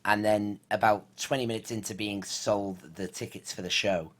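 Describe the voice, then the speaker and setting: A man's voice: lowish voice, fairly even intonation, moderate pace, fairly bright tone. A man co-hosting a podcast, chatting casually and telling jokey stories with little put-on voices. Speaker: podcast co-host. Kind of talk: casual chat.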